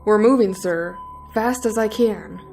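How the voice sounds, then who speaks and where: A woman's voice: mid-range voice, unhurried, vocal fry, distant mic, faint music behind. A woman voicing a strained male spaceship pilot reporting to his captain. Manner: strained, straining to keep calm.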